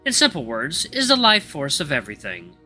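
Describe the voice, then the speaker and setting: A man's voice: a little high, a little fast, faint music behind, full character voice. A man doing a cool, aloof young wolf grandmaster. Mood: lecturing. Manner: monotone, cool, lecturing.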